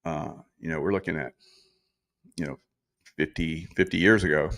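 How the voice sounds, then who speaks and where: A man's voice: rumbling low, steady tone, normal speed, fairly bright tone. A man in his sixties from South Carolina, hosting a casual livestream, rambling through political commentary with frequent laughs and mocking impressions while reading viewer comments. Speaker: livestream host.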